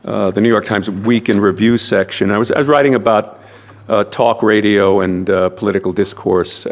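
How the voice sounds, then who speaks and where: A man who works as a journalist answering in a hesitant, halting way. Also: on the low side, fairly even intonation.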